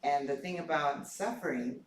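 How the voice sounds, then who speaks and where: A man with a hoarse, froggy voice gives an informal reflection at a temple service, halting and pausing often. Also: on the high side, a little hiss or hum. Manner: halting, many pauses and fillers. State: hoarse, clearing his throat. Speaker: temple board member sharing a reflection. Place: temple hall. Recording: echoey hall, mic far off.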